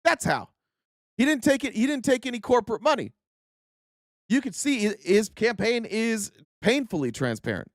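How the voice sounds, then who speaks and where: A man's voice: high-pitched, big pitch swings, moderate pace, dry recording, clean studio sound. A man hosting casual political commentary, sarcastic and profane, often mocking his opponents in mock voices.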